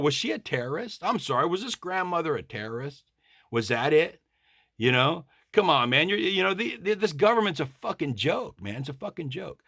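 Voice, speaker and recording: Man on a profane, emphatic rant; gravelly, bright tone with lots of swing. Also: high-pitched, no room sound, clean studio sound. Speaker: vlogger. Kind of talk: political rant monologue.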